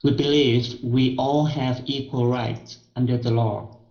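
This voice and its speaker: Male English learner, slow and halting, roomy muffled recording. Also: mid-range voice, fairly even intonation, darkish tone. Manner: slow and halting, with many "uh" pauses. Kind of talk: reading aloud and answering a tutor.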